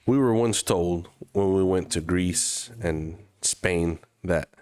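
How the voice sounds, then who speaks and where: A man from Mexico, co-hosting a podcast, telling a travel story with lively acted-out voices and plenty of swearing. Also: low-pitched, slow pace, clear, resonant tone, no echo. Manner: animated storyteller, acts out other people's voices, swears freely. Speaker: podcast co-host. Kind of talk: casual chat, storytelling.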